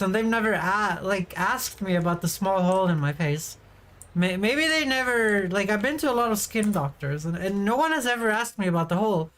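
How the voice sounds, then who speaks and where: Casual livestream chatter comes from a woman with a mid-range, fairly bright voice who is playing a farming game. She rambles along, every so often erupting in frustration.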